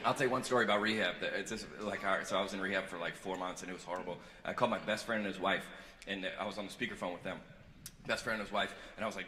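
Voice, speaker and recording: A man's voice: low voice, racing, pushed and bright. A man doing a stand-up comedy set, rambling and self-deprecating, with frequent restarts. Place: large hall with live audience. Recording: echoey hall with crowd noise.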